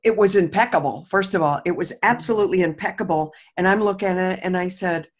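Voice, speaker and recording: A woman's voice: on the low side, fast, few pauses. An older woman hosting a casual spiritual talk show, telling heartfelt stories with many restarts and easy laughter. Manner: heartfelt storytelling, frequent restarts, laughs easily. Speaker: host.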